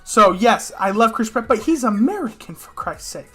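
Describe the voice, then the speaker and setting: A man co-hosting a casual podcast chat, excitable and jokey, quick to cut in. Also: high voice, faint music behind. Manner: excitable and joking, quick to interrupt. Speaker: podcast co-host.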